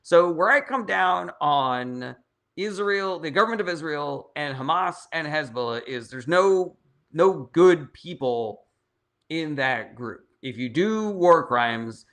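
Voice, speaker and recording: A man with a fairly high, slightly bright voice hosts a political livestream Q&A. He reads viewers' comments out and answers bluntly, with plenty of profanity.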